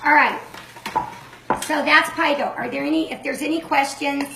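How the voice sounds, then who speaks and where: An older woman with a high voice walks through a recipe step by step, talking in a chatty, friendly way. The sound is echoey, with a faint hum behind her. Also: fairly even intonation, creaky. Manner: chatty, self-described fast talker. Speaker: cooking show host. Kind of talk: live cooking demonstration.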